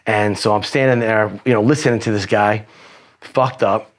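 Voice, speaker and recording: Male guest, lower register, loose profane storyteller who leans on filler phrases. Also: fairly even intonation, normal speed. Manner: profane, rambling, peppered with "you know". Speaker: podcast guest. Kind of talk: casual storytelling.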